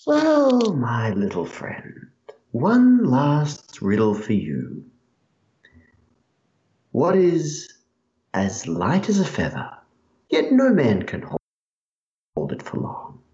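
A mysterious voice inside someone's head poses a riddle, stretching its words slowly with playful menace, as a man puts it on. The pitch swings high and low. The sound is roomy and a little dull, as in an untreated room. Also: wildly swooping pitch, mellow. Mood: teasing.

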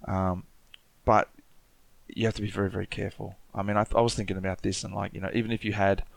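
A man's voice: on the low side, flat delivery, quick pace, creaky, no echo. An Australian man with an Aboriginal Australian accent, talking thoughtfully in a casual panel discussion, with many restarts. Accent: Aboriginal Australian English.

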